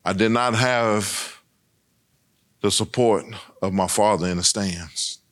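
A man's voice: slow, fairly bright tone. Emphatic man telling his life story. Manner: storytelling, emphatic, swings between high emphatic and low lines. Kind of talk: personal testimony speech.

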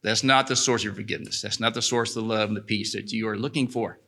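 Man, pastor, church service, chatty and lively, bright voice. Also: fairly low pitch, quick pace. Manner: lively, chatty, laughs easily. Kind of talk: church announcements and prayer.

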